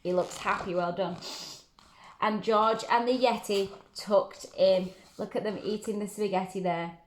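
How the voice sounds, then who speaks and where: Woman reading a children's story, gentle and encouraging, echoey room. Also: mid-range voice, steady tone, unhurried, a little hiss or hum. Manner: gentle, encouraging questions to listeners. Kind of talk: reading a picture book aloud to children. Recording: roomy echo.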